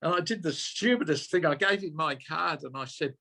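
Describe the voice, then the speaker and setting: A man's voice: on the high side, fairly quick, gravelly, pushed and bright. An older man, a minister telling a personal story in an earnest way, often repeating and correcting himself. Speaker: minister giving a talk.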